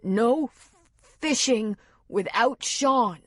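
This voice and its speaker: A woman voicing a frightened, shaken grown man with a raspy voice, halting and pleading. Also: on the high side, lively intonation, no echo, studio quality, pitched above the performer's own voice, exaggerated voice. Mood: shaky.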